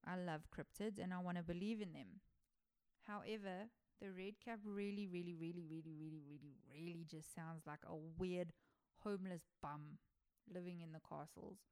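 A woman's voice: lowish voice, fairly even intonation, moderate pace, a little mellow, clear, resonant tone, no echo. Casual young woman podcast host. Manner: casual, chatty, enthusiastic, with slang and laughter. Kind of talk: solo folklore podcast commentary.

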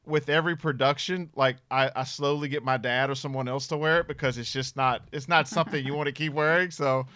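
A man's voice: medium pitch, fairly even intonation, fairly quick, bright, forceful tone, dry recording, clean studio sound. A man with a Southern US accent, a podcast guest chatting casually and laughing easily. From Virginia, US. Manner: easygoing, laughing. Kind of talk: casual chat.

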